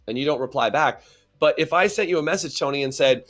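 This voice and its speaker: A man's voice: a little high, fast talker, soft background music. A man co-hosting a salon business talk show, giving casual advice and acting out little example scenes. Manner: animated, acts out little scenes.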